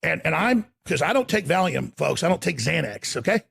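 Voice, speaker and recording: A middle-aged man hosting a live show, ranting angrily in a gravelly, raspy voice. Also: a little high, very animated, brisk. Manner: angry, shouting rant. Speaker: talk show host.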